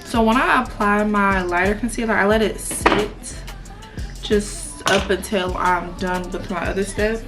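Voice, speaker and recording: A woman's voice: mid-range voice, steady tone, measured pace, loud music behind the voice. A woman, chatting casually and rambling with lots of fillers while she does her makeup. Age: 20s. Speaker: beauty vlogger.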